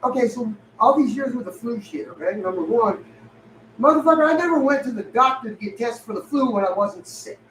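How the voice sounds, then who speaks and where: A man's voice: very high-pitched, expressive, a little fast, a bit bright. A man co-hosting a casual talk show, swearing heavily and acting out both sides of his stories. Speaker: podcast co-host. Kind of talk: profane casual chat. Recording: echoey room, far from mic, faint hiss.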